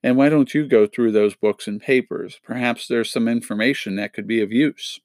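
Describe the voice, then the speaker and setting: A man's voice: mid-range voice, moderate pace, darkish tone, no room sound, lightly acted. Girl read: a man voicing a practical young inventor, earnest and worried, dry close sound.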